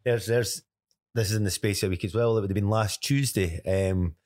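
A man's voice: fairly low pitch, fairly quick, a little mellow, dry recording, clean studio sound. A Scottish man telling a personal story in a casual podcast chat, earnest and step by step. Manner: earnest, recounts events step by step. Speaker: podcast co-host.

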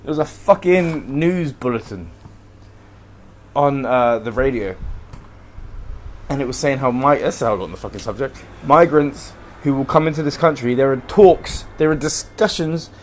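A man's voice: medium pitch, moderate pace, slight background noise. A young man hosting a solo podcast from home, ranting in a profane, rambling, heated way. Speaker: podcast host. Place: room at home.

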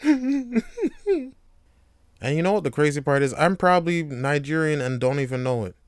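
A man talks through a casual solo podcast monologue, joking, swearing and laughing often. His pitch moves a lot, and his voice is smooth and resonant. The sound is dry. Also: expressive, moderate pace, no echo. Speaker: podcast host.

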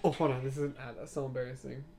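A woman co-hosting a casual podcast, teasing her friend, giggling often and reading aloud haltingly. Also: a bass voice, flat delivery, mellow, soft background music. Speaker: podcast co-host. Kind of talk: casual chat.

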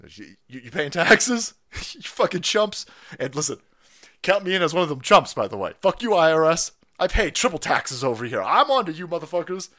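A man's voice: fairly high pitch, sing-song, normal speed, pushed and bright. A man ranting on a livestream, foul-mouthed and mocking, swearing constantly. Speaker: streamer. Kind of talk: profane political rant on a livestream.

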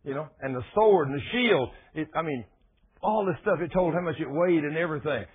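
A man preaching a sermon in a folksy, animated storytelling manner. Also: on the high side, brisk, slightly rough. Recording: tinny phone-like radio broadcast.

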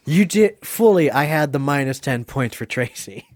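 A man hosting a casual movie quiz podcast, chatty and quick to laugh. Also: medium pitch, lively intonation, no echo, studio quality. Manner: chatty, laughs often, gushing. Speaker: quiz host. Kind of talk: casual podcast game chat.

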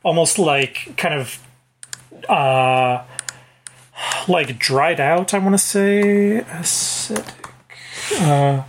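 Slightly high-voiced man explaining lore. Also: extremely slow, pauses often, slight background noise. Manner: explanatory, hedging with fillers. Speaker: podcast co-host. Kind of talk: casual book-club chat.

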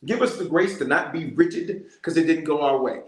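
A male bishop preaching in a lively storytelling way and calling out to his listeners. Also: a little high, fairly quick, roomy sound. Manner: storytelling, animated, calls out to listeners. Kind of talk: sermon-style prayer message.

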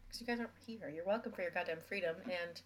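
A woman's voice: on the low side, fast talker, heavy background noise. A young woman co-hosting a podcast in casual chat, blunt and teasing, with plenty of swearing. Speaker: podcast co-host.

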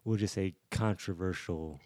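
Male co-host, deep dark gravelly voice, dry sound, casual chatter. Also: moderate pace, no room sound. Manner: laughs often, relaxed and joking. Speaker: podcast co-host. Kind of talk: casual chat.

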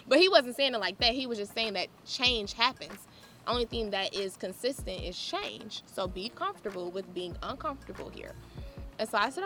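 A woman giving a candid, animated personal testimony, often laughing as she talks. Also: on the high side, moderate pace.

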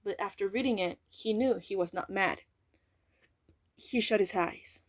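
A woman reads a novel aloud at a careful pace, now and then tripping over a word and correcting herself. Her voice sits in a middle pitch and sounds dry and close to the mic. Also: a little slow, no room sound. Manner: careful reading with slips and self-corrections. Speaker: reader. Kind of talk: amateur audiobook reading.

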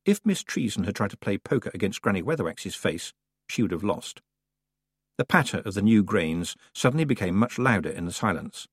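A man narrating an audiobook in an expressive, playful storytelling manner. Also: on the low side, fairly quick, slightly rough, no room sound, clean studio sound.

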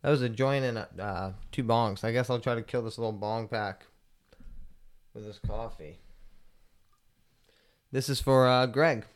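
A young man chats loosely on his own podcast, clearly high and in no hurry. His talk wanders, full of "like" and casual swearing. His voice sits at an ordinary pitch and comes through smooth and clean. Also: measured pace, long pauses. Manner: rambling, profane, laid-back, lots of "like" fillers. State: stoned. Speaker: podcast host. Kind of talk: casual solo podcast chat.

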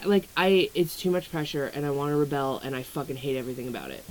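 In this low-quality vlog clip, an astrology creator talks about weight and the stars in a low, darkish voice at normal speed with few pauses, over slight background noise. She's young, candid and rambling, cursing freely and dropping plenty of "like" and "um."

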